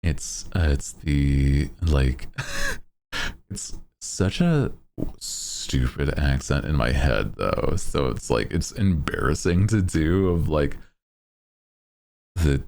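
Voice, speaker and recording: A very deep-voiced man rambles through a casual livestream chat, with gravelly fry in his voice. He laughs often and swears freely. His pitch swings widely even at his unhurried pace. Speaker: streamer.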